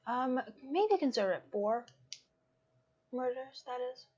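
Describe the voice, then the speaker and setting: A woman playing in a tabletop game, soft-spoken and tentative. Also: high voice, expressive, a little slow, slightly rough. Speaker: player. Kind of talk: casual tabletop play. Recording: dull lo-fi recording from off-mic.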